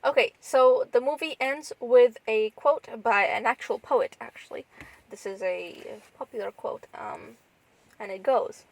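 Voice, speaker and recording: A woman's voice: on the high side, a little slow, gravelly, rough recording. A woman co-hosting a podcast, chatting casually and rambling with lots of restarts and fillers. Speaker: podcast co-host. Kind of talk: casual chat.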